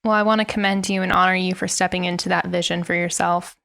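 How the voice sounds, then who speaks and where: A woman podcast host with a flat, gravelly voice. She asks her guest questions in an earnest, affirming tone and hums "mm" in agreement as she listens. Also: lowish voice, fast talker.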